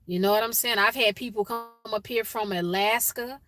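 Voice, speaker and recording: Bright-voiced woman with a Chicago accent. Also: mid-range voice, moderate pace, faint music behind. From Chicago, USA. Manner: chatty, greets viewers by name, says y'all. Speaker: livestream host. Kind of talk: casual livestream chat.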